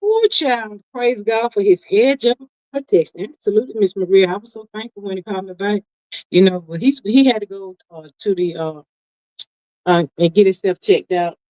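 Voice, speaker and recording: A woman's voice: medium pitch, darkish tone, no room sound. A middle-aged woman hosting a live stream in a casual, folksy chat, reading viewer comments and calling everyone honey and child. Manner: chatty, emphatic, drawn-out asides. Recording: dry, slightly muffled lo-fi sound.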